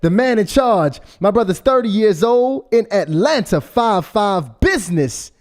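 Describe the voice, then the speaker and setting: Man host, energetic and playful, a bit high voice. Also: a little slow. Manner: energetic, playful, repeats words. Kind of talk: casual chat.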